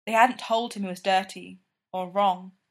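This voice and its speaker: Woman, story reader, fan fiction, steady, even, mid-pitched voice. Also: normal speed. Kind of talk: reading fan fiction aloud.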